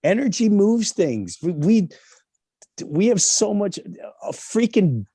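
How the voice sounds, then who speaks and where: This middle-aged man's voice is husky and slow as he recounts personal stories in an interview. He's animated, voicing other people with big swings in pitch, and there's no echo.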